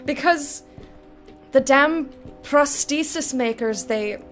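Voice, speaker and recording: A woman voicing a gruff, boozy male painter with a peg leg, in a rough put-on Irish-Scottish brogue. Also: high voice, takes it slowly, a bit bright, soft background music, voice pushed up. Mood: indignant.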